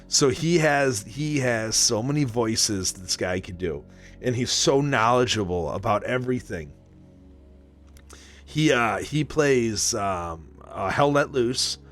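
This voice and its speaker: A man chatting casually with his live stream audience. He rambles excitably, swears constantly and breaks into laughter between stories. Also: mid-range voice, slow, faint music behind. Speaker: livestreamer.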